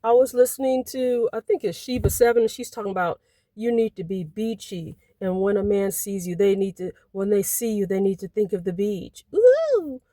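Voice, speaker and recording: A woman's voice: medium pitch, fairly even intonation, brisk, dark tone, no room sound, low-quality recording. A woman in her sixties vlogging, telling stories in a chatty, playful way and laughing as she goes. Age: 60s. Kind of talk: casual storytelling to camera.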